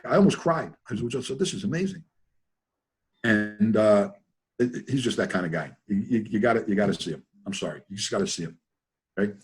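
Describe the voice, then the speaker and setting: Husky older man telling stories. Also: fairly low pitch. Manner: animated, rambling, repeats himself. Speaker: guest trainer. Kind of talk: casual storytelling.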